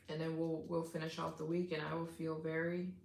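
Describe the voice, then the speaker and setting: Sleepy woman on a live stream chatting to viewers, lowish voice, echoey room. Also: vocal fry, a little mellow, slight background noise. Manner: chatty, thanks viewers for donations. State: tired, yawning. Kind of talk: casual live stream chat.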